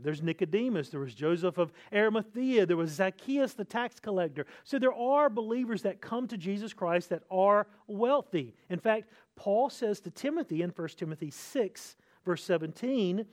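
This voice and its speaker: A man's voice: high voice, a little mellow. A man, a pastor, preaching an earnest expository sermon with emphatic, repeated phrases.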